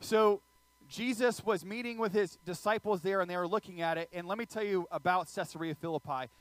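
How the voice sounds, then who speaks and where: High-voiced joking male preacher, dry sound. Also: brisk, dry recording. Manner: animated, joking, audience asides. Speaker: pastor. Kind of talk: sermon with humorous storytelling.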